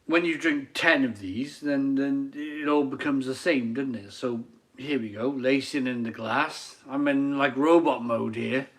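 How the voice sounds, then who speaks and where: Bright-toned man in his forties. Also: medium pitch, a little slow. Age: 40s. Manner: chatty, laughs often, reads chat comments aloud. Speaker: beer reviewer and live stream host. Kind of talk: casual live stream chat.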